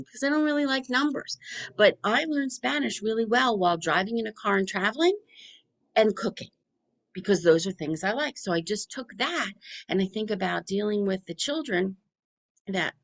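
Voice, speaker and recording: A middle-aged woman speaks in a gravelly, fairly low voice. She talks to parents in a chatty, rapid-fire way, as a speech pathologist giving practical advice. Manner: chatty, talks fast with few pauses. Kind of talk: informal presentation to families.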